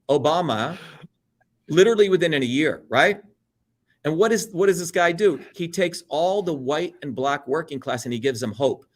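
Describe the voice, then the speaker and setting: A man's voice: fairly high pitch, fairly bright tone. A middle-aged man from India, talking bluntly and animatedly as an interview guest, swearing freely and mimicking other people. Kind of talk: heated political talk.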